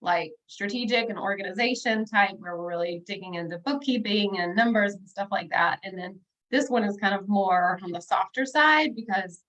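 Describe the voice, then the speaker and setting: A woman in her thirties, a bookkeeper and business coach, chats casually and upbeat with viewers on a livestream, using plenty of fillers. Her mid-range voice is a bit bright and moves at normal speed. The recording quality is low.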